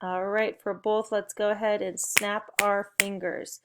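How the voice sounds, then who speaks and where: A woman's voice: mid-range voice, level tone, measured pace, background noise. A young adult woman, leading a recorded spelling and phonics lesson for young children with cheerful, encouraging call-and-response prompts. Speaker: teacher.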